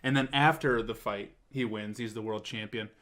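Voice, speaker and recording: A man co-hosting a casual talk show, telling a story in an excitable, animated way and swearing often. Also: lowish voice, moderate pace. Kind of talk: casual chat.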